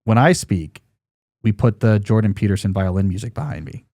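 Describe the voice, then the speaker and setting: A man's voice: on the low side, fairly quick, gravelly, mellow, dry recording, clean studio sound. Rambling, jokey male podcast host. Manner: rambling, jokey, lots of fillers and restarts. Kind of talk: casual podcast chat.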